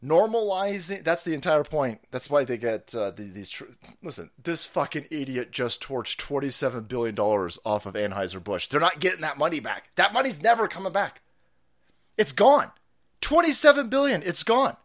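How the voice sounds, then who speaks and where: A man streaming ranting commentary, foul-mouthed and loud, laughing and jumping between mutters and yells. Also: fairly high pitch, expressive, moderate pace.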